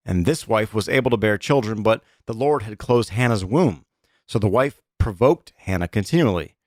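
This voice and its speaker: A man with a fairly low voice, co-hosting a casual podcast, reads a list of stories aloud. He halts, restarts, and plugs the gaps with fillers and little sounds, all captured in a close, dry recording with no room around it.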